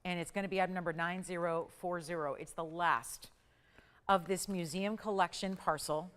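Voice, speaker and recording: A woman hosting a live jewelry shopping show, pitching pieces and counting prices down in an upbeat sales patter. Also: steady tone, moderate pace, a bit bright. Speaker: shopping channel host. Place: TV studio.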